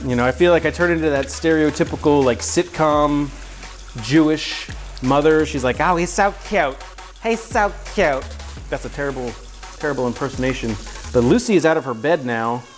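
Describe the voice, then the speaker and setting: A man's voice: fairly high pitch, brisk, soft background music. A man chatting casually on a cooking livestream from his home kitchen, joking and poking fun at himself. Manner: joking, self-mocking, chatty. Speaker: streamer cooking live.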